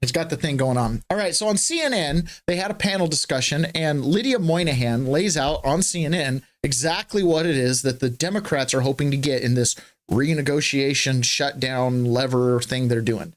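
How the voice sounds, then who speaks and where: Man, podcast host, wry, rambling, mid-pitched voice, casual talk. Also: normal speed. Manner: wry, rambling, mocks clips. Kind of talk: casual political commentary.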